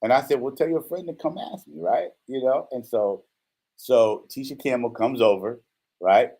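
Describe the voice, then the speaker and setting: Animated man telling a story. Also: mid-range voice, moderate pace, slightly rough. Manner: animated storyteller, acts out quotes, says "right?" often. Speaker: host. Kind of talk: casual storytelling chat.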